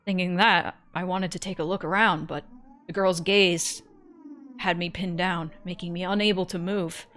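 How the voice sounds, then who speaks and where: A woman's voice: fairly low pitch, normal speed, slight background noise. Woman streamer reading a story aloud. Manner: expressive reading, breaks off for joking comments. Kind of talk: first-person narration with casual asides.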